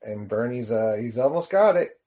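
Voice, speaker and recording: A man giving casual reaction commentary on a short film, rambling and halting with lots of fillers. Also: mid-range voice, animated, dark tone. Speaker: video reactor.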